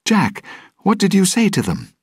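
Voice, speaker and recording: A man's voice: low-pitched, very animated, moderate pace, husky, dry recording, clean studio sound, heavily acted. A man voicing an anxious young man who pleads urgently for help. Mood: pleading.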